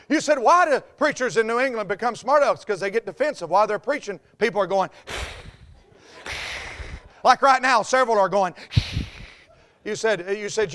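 Speaking with a Southern US accent, this pastor gives a joking, down-home sermon that shifts from hushed asides to loud bursts. His high voice is expressive and a little fast, broken up by long pauses.

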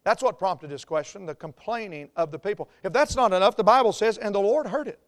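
A man with a Southern US accent, preaching a folksy, joking sermon as a pastor, swinging between quiet asides and loud outbursts. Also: sits high, a little fast. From American South.

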